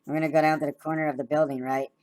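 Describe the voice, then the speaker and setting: A woman's voice: deep voice, little pitch movement, very fast, darkish tone. A woman talking loosely through her own drawings and designs, wandering from idea to idea and often checking in with "right?". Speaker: video maker explaining her drawings. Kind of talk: rambling casual explanation.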